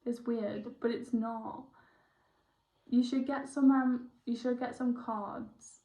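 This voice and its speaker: A young woman, a spiritual healer chatting excitably through a one-on-one session, rambling and correcting herself as she goes. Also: on the high side, takes it slowly. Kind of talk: casual one-on-one session chat. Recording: roomy, dull lo-fi sound.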